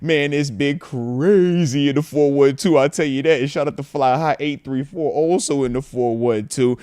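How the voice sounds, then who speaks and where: A man in his thirties hosting a casual livestream from home, animated as he reads out fan messages. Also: mid-range voice, moderate pace, smooth, no room sound, clean studio sound. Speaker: host.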